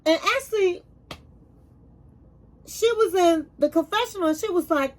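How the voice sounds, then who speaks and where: A woman with a high voice tells a reality show's drama as a casual recap. She calls her audience honey and piles up emphatic repeats when she reacts. Her storytelling is animated. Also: normal speed. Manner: chatty storytelling, acts out quotes, calls viewers honey.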